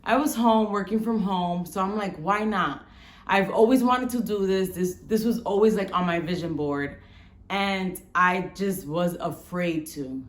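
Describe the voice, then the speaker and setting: Rough-voiced Bronx woman vlogging. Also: lowish voice, a little slow, roomy sound. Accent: Bronx New York. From the Bronx, New York. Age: 30s. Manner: chatty, frank, swears freely. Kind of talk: casual storytelling to camera.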